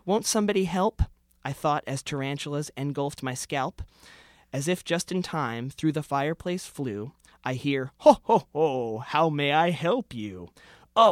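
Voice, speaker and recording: A man, a comedian guest, chatting casually with halting restarts, then reading his own comic holiday poem in a rhythmic, rhyming delivery. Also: mid-range voice, no echo, clean studio sound.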